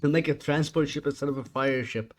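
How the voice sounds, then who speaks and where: A tired man doing chatty solo commentary on a strategy game match, relaxed and casual. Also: medium pitch, fairly quick, a little hiss or hum. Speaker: esports caster.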